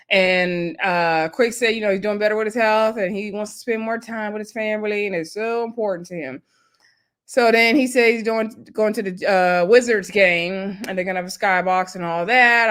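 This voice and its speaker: A woman's voice: mid-range voice, a bit bright, clean tone. A woman casually recapping a reality TV episode, chatty and opinionated, laughing often and dropping slangy asides.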